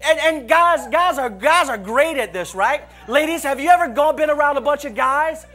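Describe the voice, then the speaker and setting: A man's voice: very high voice, animated, moderate pace, sharp tone. A man preaching a humorous sermon at a church service, telling stories with frequent laughter and mimicking his friends' voices. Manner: playful storytelling with frequent laughter and voice imitations. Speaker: pastor.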